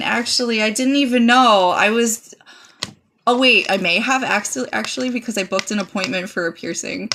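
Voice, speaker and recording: A woman's voice: medium pitch, fairly bright tone, slight background noise. Woman gushing through a live tarot stream. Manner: dramatic, gushing thanks to viewers. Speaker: livestream tarot reader. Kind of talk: casual live tarot reading.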